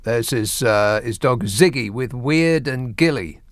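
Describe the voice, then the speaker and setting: A man's voice: medium pitch, unhurried, no room sound. A man hosting a late-night radio phone-in, trading wry, teasing banter with callers from a studio microphone.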